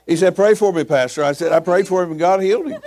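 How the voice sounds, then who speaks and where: A man's voice: high voice, quick pace, a little mellow. An older man preaching as a pastor, telling folksy stories and chuckling between them. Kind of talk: sermon with storytelling.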